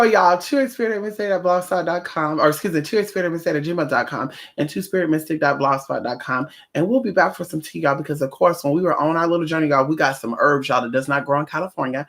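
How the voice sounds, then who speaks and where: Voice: medium pitch, a bit bright. A vlogger who works as a spiritual practitioner, chatting casually from home in a sassy, profane, rambling way. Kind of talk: casual vlog chat. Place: home, indoors.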